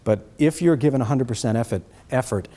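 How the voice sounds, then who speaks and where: A man's voice: medium pitch, fast talker, dark tone. A middle-aged man with a Boston accent giving a trumpet master class, answering students' questions and checking in with "okay?".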